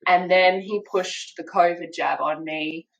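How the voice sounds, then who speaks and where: A woman's voice: fairly low pitch, fairly even intonation, unhurried, gravelly, low-quality recording. A young Australian woman, a podcast guest, telling her story in a casual interview and acting out the people she quotes.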